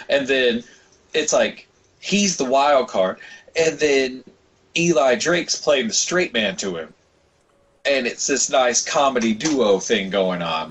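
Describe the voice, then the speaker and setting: A young podcast co-host with a husky, medium-pitched voice rambles through a casual chat, swearing freely as he retells events. He quotes other people in animated snippets, and the recording is low quality.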